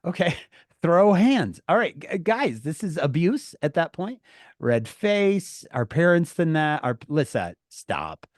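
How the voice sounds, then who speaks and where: A man teaching a class of teenagers over a video call, telling an animated story and acting out the dialogue in different voices. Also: fairly high pitch, slow, no room sound, clean studio sound.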